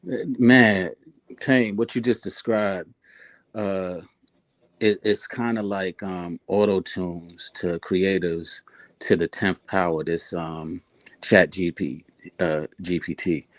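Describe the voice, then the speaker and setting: A man speaking as a panelist in a casual chat, measured and full of fillers. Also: deep voice, fairly even intonation, dry recording. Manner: measured, thanking the host, many fillers.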